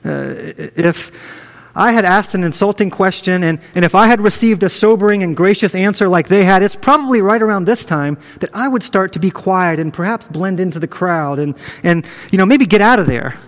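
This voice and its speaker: A high-pitched man preaching in an earnest, conversational way, often repeating a word as he restarts. His voice rings out with a long reverb, as in a large hall. He sounds like a pastor talking his congregation through a passage. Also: brisk. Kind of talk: sermon.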